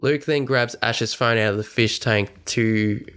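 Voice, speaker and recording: A man co-hosting a podcast, excitedly retelling a movie plot in casual chat and swearing freely. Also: medium pitch, a little slow, clean tone. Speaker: podcast co-host. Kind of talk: casual film recap chat.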